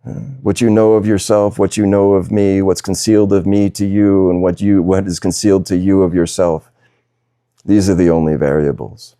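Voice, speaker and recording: A man giving a satsang talk as a spiritual teacher, speaking slowly and reflectively with pauses and soft laughs. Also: sits low, flat delivery, dry recording, clean studio sound. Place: video call session.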